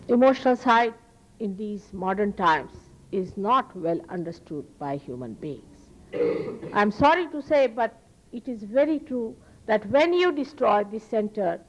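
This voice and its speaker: An Indian-accented woman who teaches spirituality lectures to an audience in an old archival recording with the highs cut off. Her voice sits at medium pitch with a slightly mellow quality, and she stresses points earnestly and emphatically by repeating phrases.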